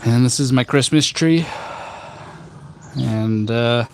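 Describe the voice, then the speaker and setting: A man's voice: mid-range voice, slow pace, a little hiss or hum. Joking man livestreaming from a rooftop. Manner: jokey, rambling, deadpan humor with many ums and uhs. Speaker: tea livestream host. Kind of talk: casual live-stream chat reading viewer comments. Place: outdoors on a rooftop garden.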